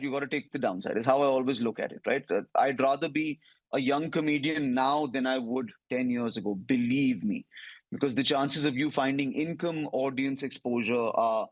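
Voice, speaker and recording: A man's voice: medium pitch, dry recording, poor audio. Articulate comedian man, dry close sound. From India. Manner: articulate, emphatic, conversational. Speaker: comedian guest. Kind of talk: interview answers.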